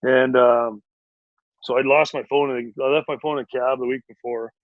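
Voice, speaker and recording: A man's voice: mid-range voice, moderate pace, dry recording. Man in his forties, podcast guest, casual rambling anecdote, slightly muffled sound, dry close recording. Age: 40s. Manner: rambling, animated storyteller with many fillers. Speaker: podcast guest, retired hockey player. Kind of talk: casual storytelling in an interview.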